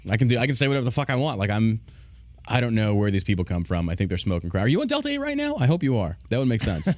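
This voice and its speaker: A man's voice: fairly low pitch, fast talker, a little mellow, no echo. A man hosting a podcast, ranting in casual, profane, sarcastic commentary. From United States. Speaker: podcast host.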